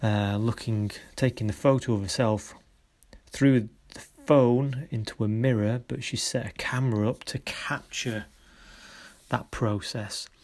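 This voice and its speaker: Giving upbeat feedback on student photographs, a workshop leader speaks haltingly and pauses a lot. He has a mid-range, somewhat dark-toned voice with fairly flat intonation.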